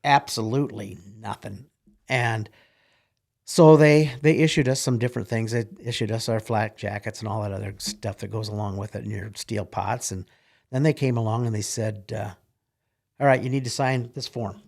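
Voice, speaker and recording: A man's voice: lowish voice, steady tone, normal speed, creaky, a little mellow. An older man, a retired military officer, telling folksy rambling stories in an interview. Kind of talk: casual storytelling in an interview.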